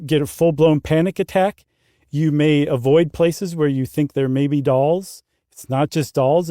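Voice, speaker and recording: A man's voice: on the high side, mellow, no room sound, studio quality. A man co-hosting a podcast, chatting casually with an easygoing manner. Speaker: podcast co-host. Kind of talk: casual chat.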